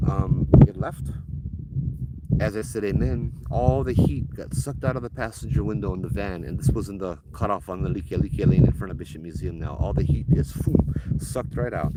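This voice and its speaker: A man from Hawaii, telling a ghost story as host, acting out the voices of the people in it. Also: low-pitched. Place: outdoors at a temple site. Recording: loud background noise.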